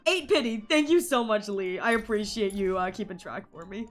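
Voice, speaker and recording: A woman live-streaming, chatting casually and rambling excitedly over her game pulls, while sick. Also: medium pitch, normal speed, faint music behind.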